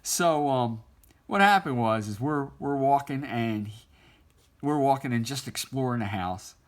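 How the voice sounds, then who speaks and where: An artist drawing on stream, a middle-aged man, casually recounts a childhood story, rambling and laughing often. He speaks in a mid-range voice at an unhurried pace.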